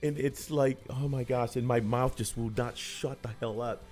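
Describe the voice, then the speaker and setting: A man's voice: steady tone, moderate pace, a little mellow, faint music behind. A man co-hosting a casual chat about tabletop gaming, retelling a game with heavy, exaggerated sarcasm. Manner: sarcastic, exaggerated retelling with big swings in pitch. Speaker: co-host.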